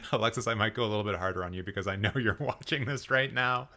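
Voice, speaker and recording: A man's voice: lowish voice, brisk, bright, forceful tone. A man hosting a casual live stream, playfully roasting people and laughing at his own jokes while he rambles and corrects himself. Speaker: host.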